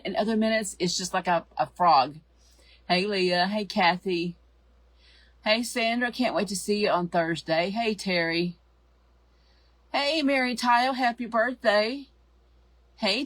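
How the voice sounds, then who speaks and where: A hoarse middle-aged woman hosts a live craft tutorial, chatting and greeting viewers by name. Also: medium pitch, a little slow, fairly bright tone, no room sound. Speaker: craft show host.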